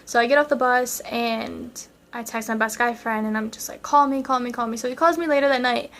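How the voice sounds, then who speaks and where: Chatty young woman with a high voice. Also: brisk, fairly bright tone. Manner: chatty, dramatic, lots of fillers. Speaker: vlogger. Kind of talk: casual storytime.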